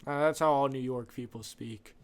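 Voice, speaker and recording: A man's voice: medium pitch, fairly even intonation, moderate pace. A man hosting a podcast, rambling off script through an opinionated casual monologue. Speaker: podcast host.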